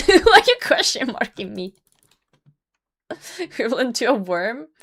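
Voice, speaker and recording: A woman's voice: on the high side, sing-song, measured pace, a bit bright. Blunt, laughing young woman streamer. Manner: blunt, self-mocking, laughs often, swears. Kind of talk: casual live game commentary.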